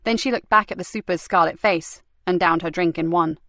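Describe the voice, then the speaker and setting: A woman narrating a crime novel audiobook with measured, even storytelling. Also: lowish voice, vocal fry, no room sound. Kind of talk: scripted narration.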